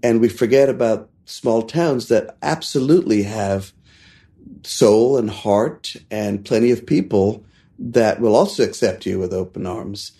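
A middle-aged man from India, a chef and restaurant owner, telling stories in a casual interview, acting out quotes in a raised voice and laughing between lines. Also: measured pace. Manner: animated storyteller who acts out quotes in a higher voice and laughs between lines.

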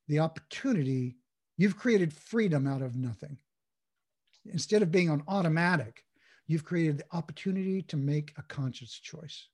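Interview guest, male, husky and fairly high, reflective coach who restarts as he thinks. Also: darkish tone. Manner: thoughtful, with frequent restarts. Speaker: guest, mindful communication coach. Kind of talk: reflective conversational explanation.

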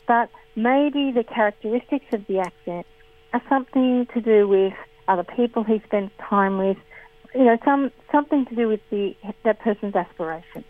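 Woman researcher over a phone line. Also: medium pitch. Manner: measured, academic. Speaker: linguistics researcher. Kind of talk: explanatory interview answers.

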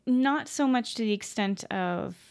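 A woman's voice: a little high, lively intonation, a little slow, gravelly, a little mellow. A woman casually telling a ghost story at home, rambling with many fillers, self-corrections and casual swearing. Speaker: podcast host.

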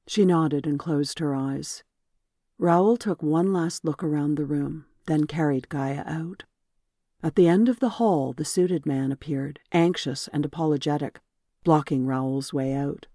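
Brief: audiobook narrator, mid-pitch, very dry close sound, even storytelling. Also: measured pace, no room sound. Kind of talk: scripted narration.

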